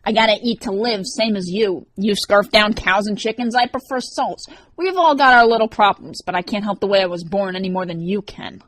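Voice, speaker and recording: A woman's voice: mid-range voice, brisk, few pauses, fairly bright tone, no room sound, pitched above the performer's own voice, natural voice. Woman reading as Rorik, brash teen demon boy. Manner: wisecracking, defensive. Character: brash teenage male demon, sardonic loner.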